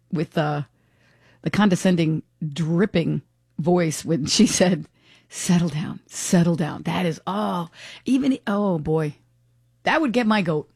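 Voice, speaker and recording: Woman, radio talk host, husky, dry close sound, animated, exclamatory. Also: on the low side, dry recording. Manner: animated, exclaiming, laughing between remarks. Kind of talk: talk radio commentary taking calls.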